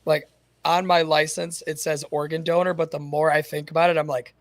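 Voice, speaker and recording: A man's voice: a little high, little pitch movement, a little fast, no echo. A man hosting a podcast, chatting casually with crude, joking banter. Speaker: podcast host. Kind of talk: casual chat.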